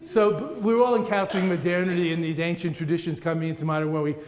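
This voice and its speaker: Male Buddhist teacher, middle-aged, playful and rhythmic, slightly high voice, hall reverb. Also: fairly even intonation, quick pace. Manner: playful, rhythmic, laughs at his own jokes. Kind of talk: dharma talk to an audience. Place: large meeting room with audience. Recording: echoey hall, roomy reverb.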